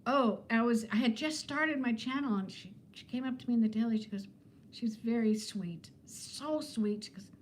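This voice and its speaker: A woman in her fifties chats with viewers on a casual livestream. She rambles and laughs often as she goes. Her voice sits fairly high, with a faint hiss behind it. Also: moderate pace. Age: 50s. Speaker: weight-loss vlogger.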